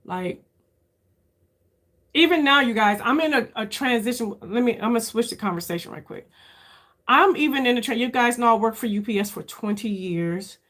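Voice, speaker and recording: Speaking straight to her audience, this fifty-something woman who makes beauty content keeps things relaxed, frank, and exploratory, with plenty of "y'all" and upward pitch jumps to stress points. She moves at a moderate pace, her delivery lively and her timbre fairly bright.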